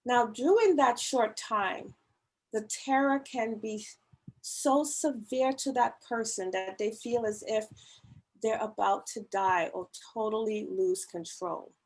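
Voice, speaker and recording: Slow, husky-voiced woman giving a church talk. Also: fairly high pitch, poor audio. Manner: slow, earnest, emphatic pleading. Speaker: women's ministry speaker. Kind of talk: church talk on mental health. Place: church service, online meeting.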